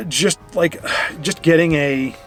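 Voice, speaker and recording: A rambling, chatty man narrates his card game in casual stream commentary, his voice sitting a bit high. He scolds his opponent with playful mock outrage. Faint game music plays underneath. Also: extremely slow, fairly bright tone.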